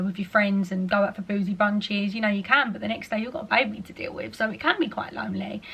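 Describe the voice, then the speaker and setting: A woman's voice: medium pitch, fairly bright tone. A young woman, answering viewer questions in a casual, chatty vlog and often slipping in "like" and "you know". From England. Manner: chatty, fillers like "like" and "you know", quoted asides in other voices. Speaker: vlogger.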